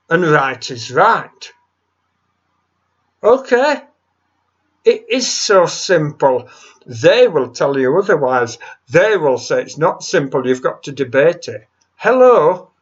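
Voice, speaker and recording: Exasperated man, mocking solo rant, unhurried delivery, dull lo-fi recording. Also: fairly high pitch. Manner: exasperated, mocking, swears freely. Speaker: solo ranter. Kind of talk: impromptu rant. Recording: dull lo-fi sound.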